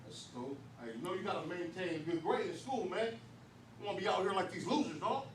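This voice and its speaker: A man voicing a smooth-talking adult male gang recruiter who speaks in low, hushed street talk, friendly and coaxing but casually stern. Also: animated, fairly quick. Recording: distant echoey room with faint noise.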